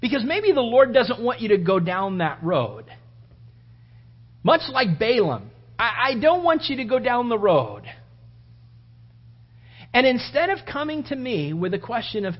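A man's voice: very high-pitched, sing-song, unhurried, long pauses. A man preaching a sermon as pastor, conversational and repetitive, in a dull lo-fi recording. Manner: conversational and repetitive, plays out the story in voices.

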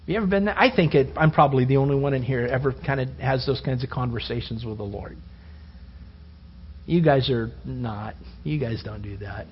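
A man preaching a sermon, telling Bible stories with animated energy and rhetorical questions. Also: mid-range voice, fairly quick, a little hiss or hum. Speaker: pastor. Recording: dull lo-fi sermon recording.

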